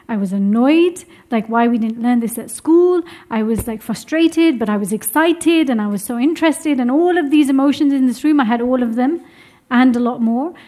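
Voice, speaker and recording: Young woman workshop teacher, high voice, upbeat and encouraging with a room of students. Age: young adult. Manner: lively, encouraging, laughs often. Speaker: womb health teacher. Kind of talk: workshop teaching to a live group. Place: room with a seated group.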